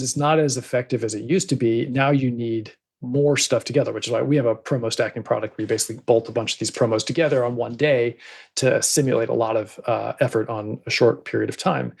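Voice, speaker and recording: On a podcast, a male guest talks loosely about book promotions, his chat full of fillers and asides. He has a medium-pitched, darkish voice with vocal fry.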